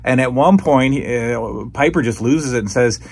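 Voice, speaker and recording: A man giving a casual, excitable review of old wrestling footage, breaking into loud quotes of what the wrestlers say. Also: mid-range voice, moderate pace, husky. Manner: excited, acts out quoted lines loudly. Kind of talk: casual commentary over footage.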